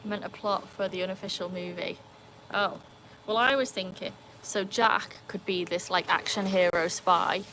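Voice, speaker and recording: A woman's voice: mid-range voice, steady tone, moderate pace, a bit bright, a little hiss or hum. A British woman streaming live from home with her dogs, chatting casually as she reads and answers the chat. She rambles, with plenty of "like" and "um". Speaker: live streamer, dog owner. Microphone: phone.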